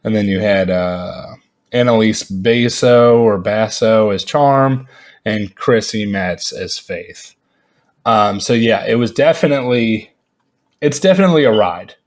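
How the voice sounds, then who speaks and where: Guy doing a chill movie review vlog, kinda low voice, rambly, says like a lot. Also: slow pace. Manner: rambling, animated, many fillers, laughs often.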